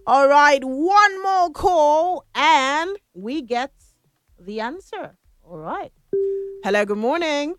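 Woman radio host on a morning call-in, playful, laughs a lot, slow and bouncy. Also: sits high, animated. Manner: playful, laughs often, drawn-out words.

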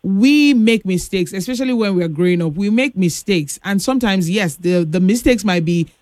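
A woman's voice: medium pitch, animated, moderate pace, darkish tone, no echo, studio quality. A woman hosting a casual advice chat. She is playful and affectionate and laughs often as she talks. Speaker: host.

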